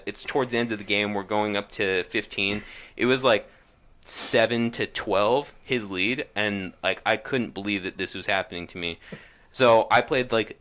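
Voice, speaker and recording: A man hosting a casual podcast, telling stories from his life in an animated way and acting out what people said. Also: on the low side. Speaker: podcast host. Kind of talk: casual storytelling chat.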